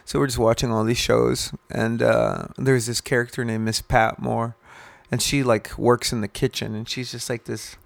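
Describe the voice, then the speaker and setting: A young man chats on his podcast in a laid-back, joking way, his voice carrying a gravelly fry. The sound is dry and close, with little room around it. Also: mid-range voice, little pitch movement, normal speed, few pauses, dry recording. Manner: laid-back, jokey, laughs a lot. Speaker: podcast co-host. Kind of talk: casual chat.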